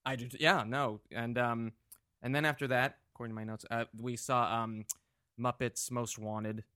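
A man as a podcast guest, telling long stories in a casual, rambling way with lots of restarts and an eager, animated manner. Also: mid-range voice, normal speed, no room sound, studio quality. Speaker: podcast guest reporting on a fan convention.

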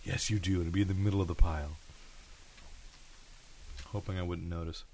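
Rambling man with a low voice. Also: little pitch movement, brisk, dark tone, a little hiss or hum. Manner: rambling, self-interrupting. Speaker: podcast co-host. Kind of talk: casual chat.

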